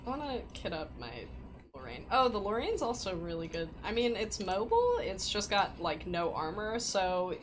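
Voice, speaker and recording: Woman, gaming co-host, animated playful voice, faint hiss behind. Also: medium pitch, normal speed. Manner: playful, wry asides. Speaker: co-host playing the game. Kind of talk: casual livestream chat.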